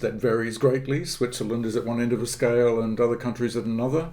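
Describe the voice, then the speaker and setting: Interviewed on a podcast, a middle-aged man who teaches politics lays out his ideas in a measured, scholarly manner. He speaks in a steady, mid-range voice with a dark tone, often stopping for fillers and beginning phrases again.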